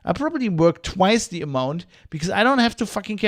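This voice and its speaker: A man's voice: high voice, sing-song, a little fast, hardly any pauses. A man hosting a podcast livestream, ranting in a heated, profane, rambling way. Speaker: podcast host.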